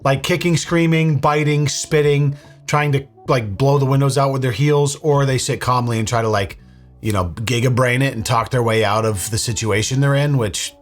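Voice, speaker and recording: A man's voice: medium pitch, fairly even intonation, moderate pace, faint music behind. A young man reacting to police bodycam footage in a sarcastic, mocking, casual way, with some swearing. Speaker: commentary host.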